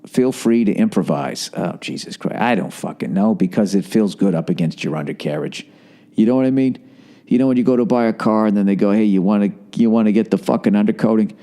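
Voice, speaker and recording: Podcast host, male, Boston accent, mellow, profane riffing delivery. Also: fairly low pitch. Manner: profane, sarcastic rant with mock voices. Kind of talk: casual comedic monologue and ad reads.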